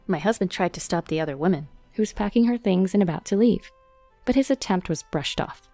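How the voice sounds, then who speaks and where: Mellow low-voiced woman narrating a story. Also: expressive, fairly quick, vocal fry, dry recording, faint music behind.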